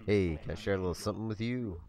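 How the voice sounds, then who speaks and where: Laid-back male sea otter, put on by a congested man, drawling and low. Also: racing, darkish tone, close to an everyday voice. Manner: drawling surfer-like, ends phrases with "man".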